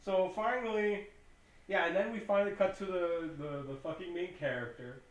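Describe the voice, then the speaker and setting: A man's voice: high voice, normal speed, dull audio. Profane, rambling man in an echoey room. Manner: profane, rambling retelling with acted-out quotes. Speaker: podcast co-host. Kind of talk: casual movie recap chat. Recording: echoey room, mic at a distance.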